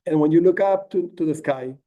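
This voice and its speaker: Rabbi teaching a text, lively asides; high, mellow voice, mic set back. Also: male voice, brisk, recorded from a distance, phone-quality sound. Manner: animated, acts out quotes, frequent asides like "whatever". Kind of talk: informal text lesson.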